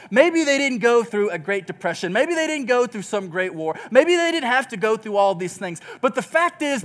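A young man from Texas preaching a sermon, opening with a funny, self-deprecating story in a lively storytelling manner. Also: very high voice.

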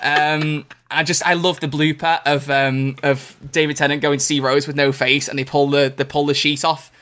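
A man's voice: on the high side, level tone, normal speed, a bit bright. A young man co-hosting a casual podcast, playful and rambling, with lots of restarts. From United Kingdom. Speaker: podcast co-host.

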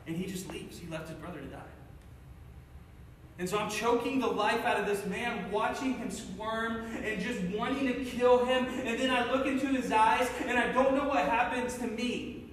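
A man from Cincinnati sharing his personal testimony with an audience, telling it intensely and swinging between loud and hushed. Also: extremely high pitch, moderate pace, a little hiss or hum. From Cincinnati, USA. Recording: echoey hall, mic from far off.

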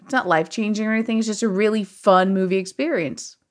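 A woman's voice: medium pitch, fast. A woman co-hosting a podcast in casual chat, with dry, teasing, sarcastic asides. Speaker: podcast co-host reviewing films.

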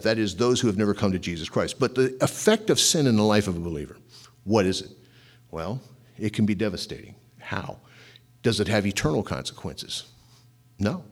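A middle-aged pastor preaching in a lively, conversational way, asking his listeners rhetorical questions. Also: medium pitch, husky. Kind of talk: sermon.

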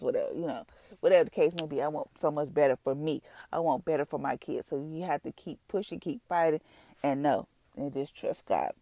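Woman, informal devotional speaker who leads spoken prayer, has a low gravelly texture and a dry, close sound. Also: fairly quick, warm tone, no room sound. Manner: conversational, repeats "Father, Lord" while praying.

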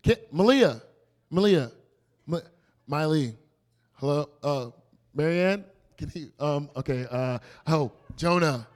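Young male youth pastor, playful storyteller, slightly high voice. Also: takes it slowly, clean tone. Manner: animated, playful storytelling with acted quotes. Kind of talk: casual youth sermon.

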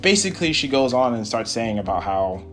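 Animated, profane young man rambling. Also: medium pitch, a little fast, faint music behind. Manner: animated, profane, rambling retelling with many fillers. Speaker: podcast host. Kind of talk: casual solo storytelling.

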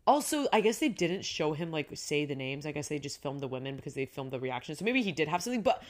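A woman co-hosting a casual chat podcast, animated, laughing often and restarting her sentences. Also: sits low, quick pace. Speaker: podcast co-host.

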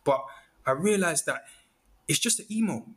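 A man's voice: fairly high pitch, lively intonation, normal speed. A man chatting casually, acting out his inner thoughts in quoted asides. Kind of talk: casual chat.

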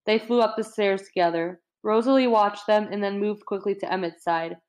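A woman reading a novel aloud in a relaxed, chatty way, breaking off for casual asides and occasional stumbles. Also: mid-range voice, moderate pace. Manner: reads with light voicing, chatty asides, stumbles and laughs. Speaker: reader.

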